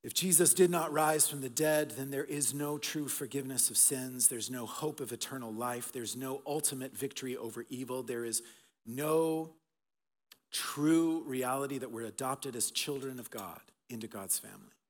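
A middle-aged man preaching an Easter sermon as pastor, swinging between loud emphatic bursts and soft, hushed passages. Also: medium pitch, moderate pace. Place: church auditorium. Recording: long reverb of a large hall.

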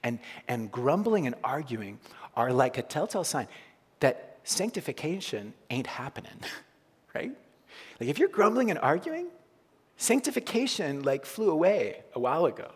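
A male pastor giving a conversational, jokey sermon with bursts of loud emphasis, to a congregation in a church. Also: on the high side, big pitch swings, moderate pace, slightly rough. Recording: long hall reverb.

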